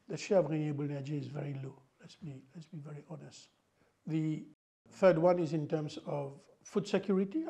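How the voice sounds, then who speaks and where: A man's voice: on the high side, mellow. An older man from Mauritius, a guest in an interview, explaining his views in an emphatic way and often adding "you know". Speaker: guest, former finance minister.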